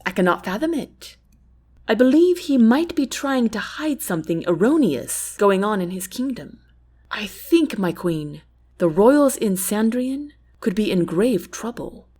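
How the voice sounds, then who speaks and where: A woman voicing a calm, kind young prince in an audiobook, speaking softly and earnestly. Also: mid-range voice, measured pace, slightly rough. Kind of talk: audiobook character reading.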